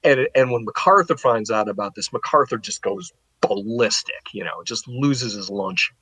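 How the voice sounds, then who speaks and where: A man's voice: on the low side, moderate pace, husky, no room sound, poor audio. Man telling history with dry delivery. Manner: animated, acts out historical figures in paraphrase. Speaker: guest historian. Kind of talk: casual spoken history storytelling.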